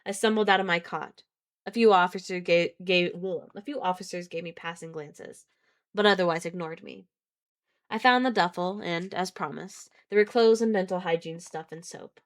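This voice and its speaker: A woman's voice: lowish voice, moderate pace. A woman streamer reading a book aloud on a live stream, often stopping to laugh, react and reread lines.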